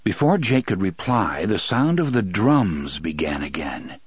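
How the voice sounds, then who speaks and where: A man narrating an audiobook with expressive storytelling. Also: sits low, a little slow, breathy edge, no echo. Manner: expressive storytelling, many voices. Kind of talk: scripted narration.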